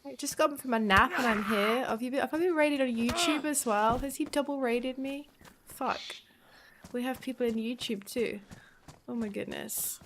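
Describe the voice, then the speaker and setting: A woman's voice: on the high side, moderate pace, a bit bright, a little hiss or hum. A woman from the English Midlands with a Midlands accent, chatting casually on her live stream, swearing freely and laughing often.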